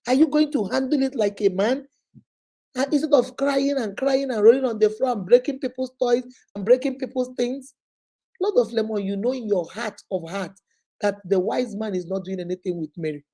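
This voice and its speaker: A woman's voice: on the high side, mellow. A woman with a Nigerian accent giving impassioned vlog commentary, scolding and preachy, hammering points home with repeated rhetorical questions. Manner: emphatic, repetitive, rhetorical questions. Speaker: vlogger host.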